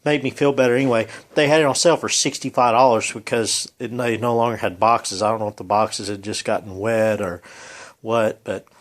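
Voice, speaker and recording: This home mechanic talks fairly quickly in a fairly low, fairly even voice while filming a garage repair. It's a casual how-to vlog full of folksy rambling and plenty of ums.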